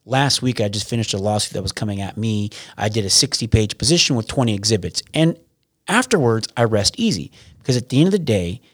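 A man's voice: fairly low pitch, lively intonation, a little fast, husky, no echo. Rambling man in a dry close recording. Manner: rambling, with frequent restarts and profanity. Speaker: podcast guest. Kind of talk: casual conversational interview.

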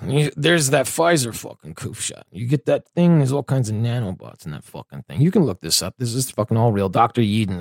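A man's voice: mid-range voice, no echo, clean studio sound. A man hosting a podcast, ranting with constant swearing and sarcasm. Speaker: podcast host. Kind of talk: profane ranting commentary.

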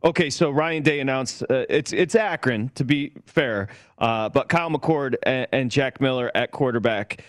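A man's voice: medium pitch, normal speed, hardly any pauses, dry recording. Male sports radio host, dry studio sound. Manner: conversational, reads updates, laughs easily. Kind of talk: casual sports talk.

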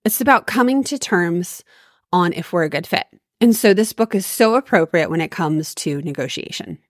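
Woman, podcast host, slightly low voice, emphatic coaching delivery, dry close mic. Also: animated, normal speed, no room sound. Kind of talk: solo podcast coaching talk.

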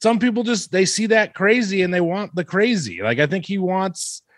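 A man's voice: sits high, lively intonation, normal speed, no room sound, studio quality. A man co-hosting a podcast, chatting casually in a hesitant, musing way and laughing as he speaks. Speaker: podcast co-host. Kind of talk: casual chat.

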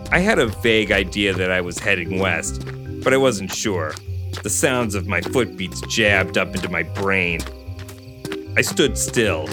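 A man co-hosting a book podcast. He chats casually and laughs often, and he reads a first-person crime novel aloud. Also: low voice. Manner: laughs often, says "like" often in chat, steady when reading.

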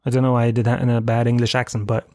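A man in his thirties with an Irish accent talks at a mid-range pitch, spinning loose, swear-laden stories that poke fun at himself. His voice sits close and dry, with almost no room sound around it. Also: monotone, rapid-fire, mellow, no room sound. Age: 30s. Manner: rambling, profane, self-mocking storytelling. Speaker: podcast host. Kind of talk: casual solo podcast chat.

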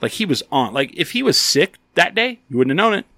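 A man's voice: a little high, big pitch swings, a little fast, pushed and bright, no echo, studio quality. A man co-hosting a casual chat, telling a story with lots of swearing and acted-out quotes. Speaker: podcast co-host.

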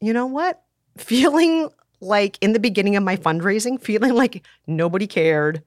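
A woman co-hosting a podcast in casual chat. She is expressive and self-deprecating, groaning in mock exasperation. Her voice is mid-pitched and recorded dry and close. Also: moderate pace, no room sound. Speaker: podcast co-host.

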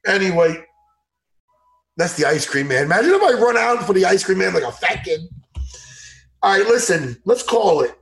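A man hosting a podcast in casual chat, excitable and animated, laughing often and acting out what others said. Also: sits high, moderate pace, vocal fry, pauses often. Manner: animated, excitable, laughs a lot, acts out impressions loudly. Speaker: podcast host.

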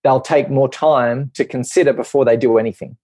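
A man, a doctor guest on a podcast, explaining a topic in lively talk and acting out quick little voices in his examples. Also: mid-range voice, no room sound.

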